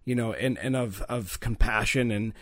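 A man's voice: on the low side, normal speed, fairly bright tone, no echo, clean studio sound. A man who works as an actor, a guest on a podcast, explaining things earnestly in casual chat.

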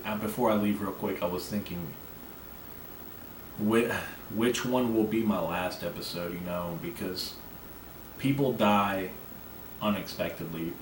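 Brash and swearing freely, a podcast host with a fairly low voice rambles through a casual solo show. His mic is at a distance in a roomy, echoing space, and faint background noise hisses underneath.

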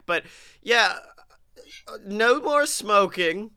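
A man hosting a podcast in casual, jokey chat, hoarse from being sick. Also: high-pitched, very animated, slow, long pauses, pushed and bright, no room sound, studio quality. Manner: jokey, puts on silly voices. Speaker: podcast host.

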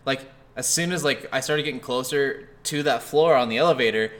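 Chill guy on a podcast, middle pitch, cusses casually. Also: fairly quick, a bit bright. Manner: laid-back, swears casually. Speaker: podcast co-host. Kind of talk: casual chat.

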